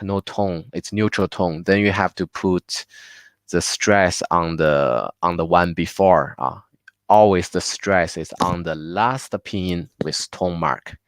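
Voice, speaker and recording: A man's voice: sits low, clean tone, dry recording. A man teaching a live online class, patiently drilling words aloud with many fillers. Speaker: Mandarin teacher. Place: home.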